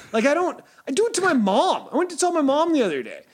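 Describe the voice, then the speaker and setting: A man's voice: extremely high pitch, brisk. A man in his thirties, chatting casually as a podcast co-host, telling stories with lots of laughter and swearing. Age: 30s. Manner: animated storytelling, laughing often, swearing. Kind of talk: casual chat.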